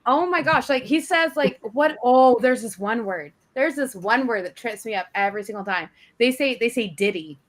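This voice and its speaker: A woman's voice: a little high, normal speed, hardly any pauses. A woman co-hosting a podcast, chatting casually and telling stories enthusiastically. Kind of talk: casual chat.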